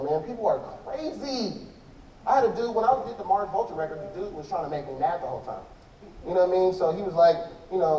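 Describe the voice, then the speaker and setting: High-voiced man rambling in an echoey hall. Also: dark tone, a little hiss or hum. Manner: rambling, loose, slangy, restarts often. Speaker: drummer answering audience questions. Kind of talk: casual stage talk to an audience. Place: large indoor event hall stage. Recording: dull echoey hall from far off.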